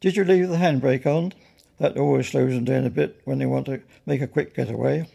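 A weary, stern desk policeman with a gravelly, husky voice, dry and officious in a storybook reading, as a man reads him out. His tone stays mellow and dark. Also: medium pitch, steady tone, brisk.

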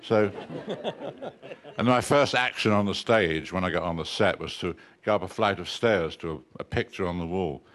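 An older man, an interview guest, telling relaxed self-deprecating stories and chuckling between them. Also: sits low, moderate pace. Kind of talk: relaxed anecdotal chat.

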